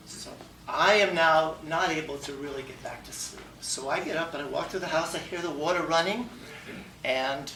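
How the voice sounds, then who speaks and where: A man tells a funny personal story to an audience, animated, acting out the dialogue and laughing along. His voice is bright and forward. He is picked up from a distance in an echoey room with faint ambience. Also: a little high, moderate pace, pauses often, slight background noise. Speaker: humor contest speaker. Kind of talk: humorous personal story speech. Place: meeting room before an audience.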